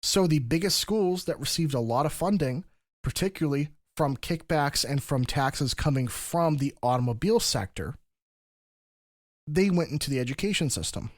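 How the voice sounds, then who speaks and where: A man with a somewhat high voice co-hosts a casual podcast and lays out his points in long, run-on explanations, restarting phrases as he goes. The sound is close and dry, with no room around it. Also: animated, normal speed, dry recording. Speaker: podcast co-host.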